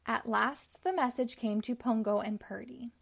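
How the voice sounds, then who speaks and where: A woman reading a children's storybook aloud, telling it clearly and expressively. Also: fairly high pitch, normal speed. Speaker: storybook reader.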